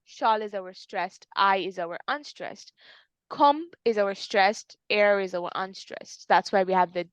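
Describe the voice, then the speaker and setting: A woman's voice: medium pitch, unhurried, smooth, dry recording, muffled recording. A woman tutor explaining a poem in an online lesson, in a patient, explanatory way with some fillers. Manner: explanatory, uses fillers and restarts.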